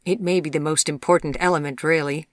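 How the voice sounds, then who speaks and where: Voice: medium pitch, steady tone, fairly quick, dry recording, studio quality, lightly acted. A narrator voicing a cheerful, easygoing young man with a British accent, jovial and teasing. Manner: jovial, teasing, bursts of enthusiasm.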